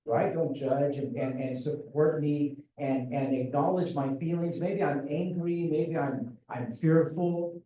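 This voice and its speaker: Guy talking to parents at a school meeting, dark mellow voice, far from the mic, big echo. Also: on the high side. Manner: earnest, repetitive, asks rhetorical questions. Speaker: school staff presenter. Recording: echoey room, speaker far from mic.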